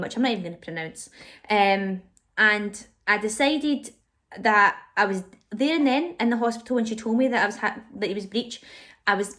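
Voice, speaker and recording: A young woman telling her own pregnancy story to camera, candid and emotional, with frequent fillers and restarts. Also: medium pitch. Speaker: vlogger.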